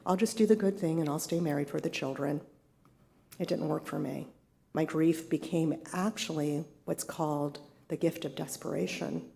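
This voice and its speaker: A woman's voice: deep voice, moderate pace, gravelly, mellow. A middle-aged woman giving a conversational, reflective sermon as a spiritual leader, often asking her listeners questions.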